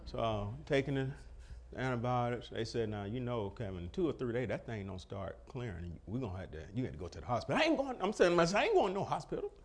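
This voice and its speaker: A man's voice: mid-range voice, sing-song, quick pace. A middle-aged man preaching a testimony sermon, acting out the dialogue and breaking into laughter as he tells it. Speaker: pastor.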